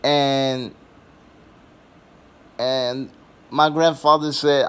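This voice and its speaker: A man's voice: a little high, steady tone, slow. A young adult man telling funny family stories in a casual, rambling way, swearing freely and filling gaps with "you know" and "um.". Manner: rambling and profane, with many fillers and restarts. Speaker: vlogger. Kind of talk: casual comedic storytelling.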